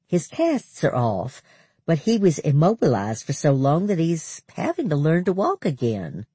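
Audiobook character: reader playing a self-assured committee woman, husky, knowing, lively pitch. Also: no echo, full character voice. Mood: concerned. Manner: measured, knowing. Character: poised, capable older woman, committee chair.

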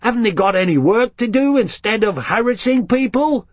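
An indignant young woman traveller who talks back hard, as a male reader puts her on. Her lines come higher and animated, with a husky grain, close and dry on a storybook reading. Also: moderate pace, dry recording. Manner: indignant, challenging. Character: indignant young female backpacker.

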